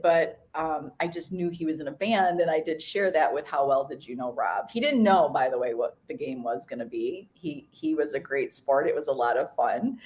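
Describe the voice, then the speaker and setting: A woman co-hosting a live stream in casual chat, bubbly and teasing, laughing often. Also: sits low. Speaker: co-host.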